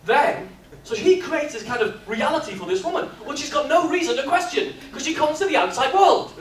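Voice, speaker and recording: A man leads a business workshop, telling his stories with a lively, joking delivery. His voice sits high and swings widely in pitch. He is picked up from across an echoey expo hall with a faint hum of ambience behind him. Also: brisk. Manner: lively storyteller, jokey and animated. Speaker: workshop speaker. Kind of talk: live workshop talk with comic storytelling. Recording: echoey hall, mic from far off.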